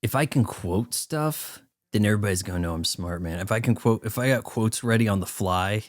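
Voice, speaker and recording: A man's voice: on the low side, a little fast, no echo, studio quality, natural voice. A man mockingly voicing a smug, boastful male college student who shows off his smarts.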